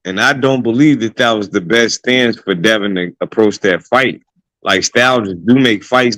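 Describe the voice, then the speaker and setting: A man lays out his view of the fight in a steady, explanatory way. His voice sits in the middle range and sounds dry and close to the mic. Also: lowish voice, dry recording. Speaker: podcast panelist. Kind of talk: casual boxing chat.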